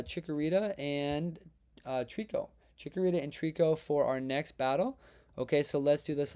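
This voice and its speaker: A man hosting a casual live stream, talking to his chat with lively, upbeat energy. His voice sits a little high but has a warm, mellow tone. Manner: energetic, chatty, reads chat aloud and hypes votes. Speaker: livestream host.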